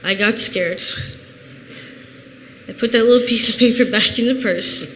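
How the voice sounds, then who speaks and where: A woman's voice: fairly high pitch, moderate pace, a bit bright. An earnest woman in her thirties tells her personal testimony in plain, heartfelt words. Her voice rings through a reverberant church hall. A faint background noise sits under the recording. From Chicago, USA. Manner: earnest, plain-spoken storytelling. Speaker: church member giving testimony.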